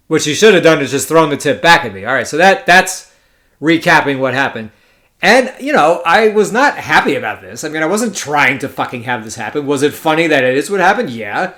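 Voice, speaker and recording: A man's voice: mid-range voice, a bit bright. A young adult man hosting a casual solo podcast, telling a story in a sardonic, profane, rambling way and correcting himself as he goes. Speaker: poker podcast host.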